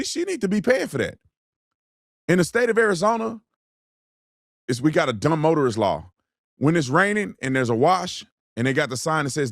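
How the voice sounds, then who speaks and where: A man's voice: on the high side, no echo, clean studio sound. A man hosting a commentary show, talking bluntly and emphatically in a colloquial way. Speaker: host. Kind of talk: political commentary with ad read.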